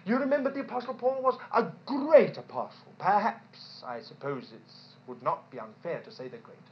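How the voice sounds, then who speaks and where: A woman preaching a sermon in an animated way, asking rhetorical questions and repeating points for emphasis. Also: medium pitch, moderate pace. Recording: dull lo-fi recording.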